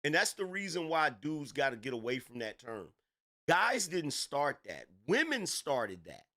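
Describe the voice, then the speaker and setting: A man's voice: a little high, sing-song, a little slow, sharp tone. A middle-aged man giving an opinion commentary monologue, emphatic and repetitive, lecturing with rhetorical questions.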